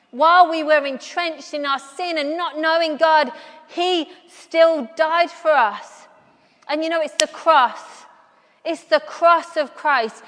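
A woman's voice: sits high, a bit bright. A woman preaching a sermon, earnest and repeating key phrases for emphasis. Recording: long hall reverb.

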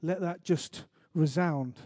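A man preaching a sermon, earnest, reciting scripture slowly and emphatically, with light asides to the congregation. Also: on the high side, mellow, no echo. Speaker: pastor.

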